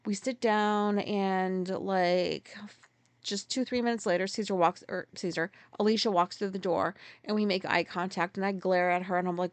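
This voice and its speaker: A woman in her forties hosting a casual solo podcast, rambling through a story, swearing freely and loudly acting out her own outbursts. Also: mid-range voice, steady tone, normal speed, no room sound. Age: 40s. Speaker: podcast host. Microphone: podcast mic.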